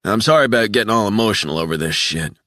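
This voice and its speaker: A man's voice: fairly low pitch, lively intonation, quick pace, sharp tone, dry recording, studio quality, pitched above the performer's own voice. A man voicing a burly, red-faced former police officer who swears and talks in a heated, raised voice.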